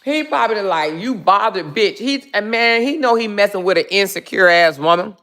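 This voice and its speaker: A woman's voice: mid-range voice, fairly quick. Sassy woman livestream host. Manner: animated, salty, laughs often, talks to viewers as y'all. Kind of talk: casual commentary chat. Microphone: phone.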